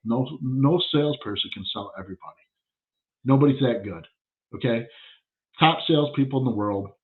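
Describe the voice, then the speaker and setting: Blunt, profane man, tinny sound. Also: mid-range voice. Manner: blunt and profane, storytelling with lots of swearing. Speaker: podcast host. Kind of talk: casual monologue.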